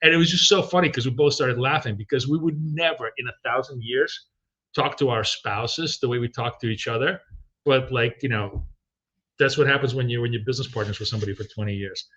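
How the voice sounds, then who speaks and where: A man's voice: medium pitch, brisk, fairly bright tone, dull audio. A middle-aged man hosting a live trading stream, chatting casually and rambling with many ums and restarts.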